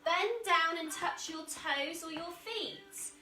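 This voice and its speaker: Woman, English accent, kids yoga teacher, encouraging, slow, echoey room, distant mic. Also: very high voice. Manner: encouraging, gentle, calls out moves while exercising. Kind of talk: guiding a children's yoga class.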